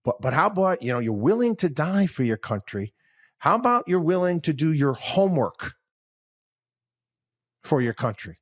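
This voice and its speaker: A man's voice: fairly high pitch, big pitch swings, normal speed, long pauses. A man hosting a podcast, talking through his thoughts in a rambling, conversational monologue. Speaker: podcast host. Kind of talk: casual commentary monologue.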